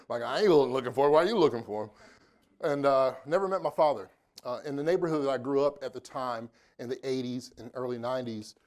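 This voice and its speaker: A man's voice: mid-range voice, a little mellow. A man in his forties from Indianapolis, giving a motivational keynote in a conference room, chatty and joking with the audience. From Indianapolis, United States. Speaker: keynote speaker. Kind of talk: live motivational keynote talk.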